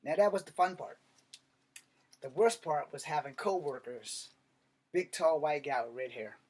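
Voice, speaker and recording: Man, slightly high voice, blunt, profane, animated storytelling. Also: a little slow, breathy edge. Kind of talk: casual storytelling monologue.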